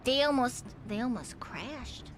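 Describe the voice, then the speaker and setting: A woman with a high, bright voice talks in an unhurried way through a gaming livestream. She giggles, rambles and swears without a filter. Game music plays faintly underneath. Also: expressive. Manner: giggly, swears freely, rambling self-talk. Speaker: VTuber streamer. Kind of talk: casual gaming livestream chatter.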